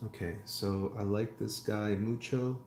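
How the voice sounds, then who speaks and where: A comic artist with a fairly low, gravelly, darkish voice talks at a moderate pace during his live drawing stream. He jokes and rambles, reading viewer comments aloud and riffing on them, in reverberant audio with a slight hiss or hum.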